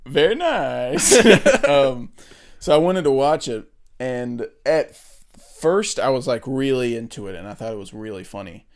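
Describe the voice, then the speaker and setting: A man's voice: medium pitch, moderate pace, a little mellow, clear, resonant tone. Young dude rambling on a movie podcast, swears a lot, laughs at his own stories. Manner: loose and profane, laughs often at his own retellings. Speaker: podcast co-host. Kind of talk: casual chat.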